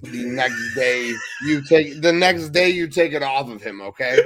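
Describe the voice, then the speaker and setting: A man's voice: mid-range voice, measured pace, crowd noise. A man co-hosting a casual wrestling podcast who teases his co-hosts. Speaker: podcast co-host.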